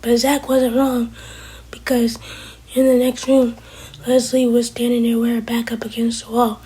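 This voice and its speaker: A woman's voice: a little high, flat delivery, normal speed, dark tone, breathy edge, low-quality recording. A woman casually recapping a TV episode as a reviewer, retelling scenes in a chatty way and loosely quoting the characters.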